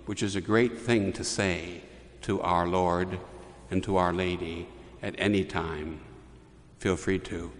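A man preaching a homily, telling a story in a measured way with restarts and pauses. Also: low-pitched, fairly even intonation, big-room sound. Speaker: priest.

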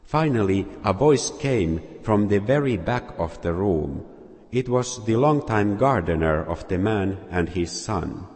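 A man preaching a sermon, telling a story slowly and deliberately to children. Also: on the low side, animated, a little mellow, in a large hall. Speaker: Catholic preacher.

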